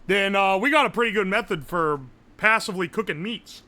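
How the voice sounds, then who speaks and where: A young man, chatting casually on a live stream, loud and joking, swearing often and laughing a lot. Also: high-pitched, brisk. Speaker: livestreamer.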